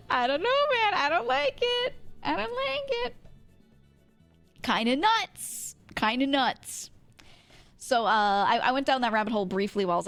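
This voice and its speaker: A woman's voice: mid-range voice, creaky. Young woman streamer, casual rambling chat, laughs a lot, faint music behind. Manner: rambling, laughs often, playful.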